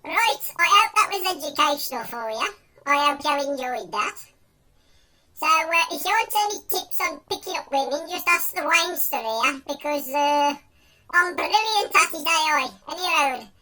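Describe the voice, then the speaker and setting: A man putting on a high, cocky Black Country lad. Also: expressive, moderate pace, pushed and bright, faint music behind, full character voice. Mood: boastful. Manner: boastful, chatty. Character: cocky Black Country lad, self-styled babe magnet.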